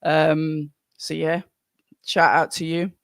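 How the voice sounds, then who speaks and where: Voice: medium pitch, level tone, slow pace, gravelly, no room sound, studio quality. Chatty Birmingham-accented stream host. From Birmingham, England. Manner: chatty, rambling, greets viewers by name. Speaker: livestream watch-along host. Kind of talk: casual live commentary and chat reading.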